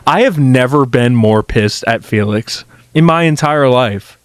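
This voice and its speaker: Slow, profane, exasperated male reactor. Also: medium pitch, clear, resonant tone, dry recording, soft background music. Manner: profane, exasperated ranting with frequent restarts. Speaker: video analyst reacting to a horror series. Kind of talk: casual reaction commentary.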